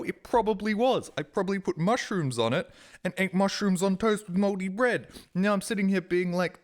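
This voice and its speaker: A man's voice: animated, brisk. Rambling man streamer. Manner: rambling anecdotes, mimics his own past reactions with sudden high-pitched exasperation. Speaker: game streamer. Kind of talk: casual stream chat, storytelling.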